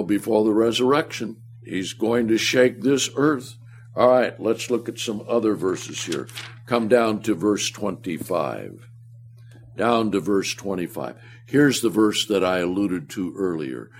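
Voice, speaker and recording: A man preaching a sermon, reading scripture aloud and swelling louder and higher on the verses. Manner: slow, deliberate delivery that rises loud and high when reading verses.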